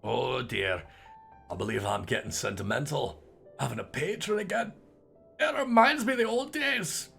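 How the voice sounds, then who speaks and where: A small creature merchant talks about the old days, wistful and measured, yet never forgets to name a price, as a man reads the part. The voice has a gravelly edge and a bright, forward tone. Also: medium pitch, expressive, soft background music. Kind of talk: reading game dialogue aloud.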